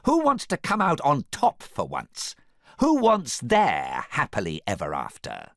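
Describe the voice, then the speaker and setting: A man voicing a scheming, smooth-talking young prince who delivers theatrical, persuasive speeches. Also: medium pitch, huge pitch swings, a little slow, no room sound, studio quality, voice pushed up, exaggerated voice. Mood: rousing.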